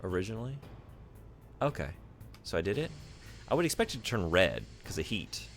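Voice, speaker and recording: Deep, gravelly man streaming a game. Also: very animated, fairly quick, soft background music. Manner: rambling, thinks aloud and answers chat. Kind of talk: casual gaming stream chat.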